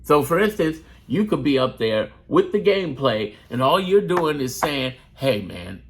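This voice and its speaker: Brash, lively-voiced man. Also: a little high, moderate pace, a little hiss or hum. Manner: brash and profane, hyped up; fond of breaking into put-on voices. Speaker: gaming YouTuber. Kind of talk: casual how-to talk to camera.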